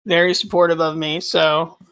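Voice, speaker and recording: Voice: medium pitch, little pitch movement, moderate pace, a bit bright, no echo, low-quality recording. A community member on a live stream, talking earnestly and gratefully. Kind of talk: casual live-stream chat.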